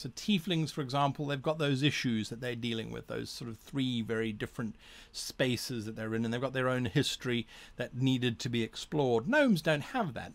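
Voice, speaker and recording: A man explains tabletop game tips casually to the camera. His voice sits at an ordinary middle pitch. He talks in an animated way, speeds up in bursts, and often corrects himself mid-sentence. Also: vocal fry. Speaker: tabletop game advice host.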